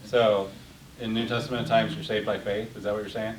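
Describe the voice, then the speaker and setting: A man's voice: lowish voice, little pitch movement, brisk. A middle-aged man teaching an interactive Bible class, passionate, getting worked up and repeating words. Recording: roomy, distant, faint hiss.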